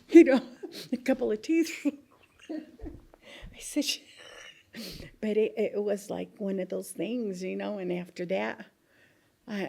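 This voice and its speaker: A woman's voice: fairly low pitch, warm tone. An older woman, a retired coal miner, telling earthy stories in an oral history interview, swearing freely and laughing often. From Colorado. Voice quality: gravelly, husky.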